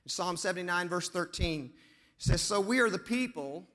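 A high-pitched man preaches with a bright, ringing tone. He leans on repeated phrases and asks his listeners questions as he goes. His voice carries a long reverb through a large church hall. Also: expressive, moderate pace. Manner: emphatic, repeating phrases for effect. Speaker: pastor. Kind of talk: sermon.

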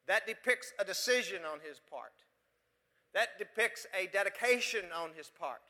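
A man's voice: fairly high pitch, lively intonation, a little slow, bright, forceful tone, long reverb tail. A pastor from West Texas, preaching a sermon full of emphatic rhetorical questions to his congregation.

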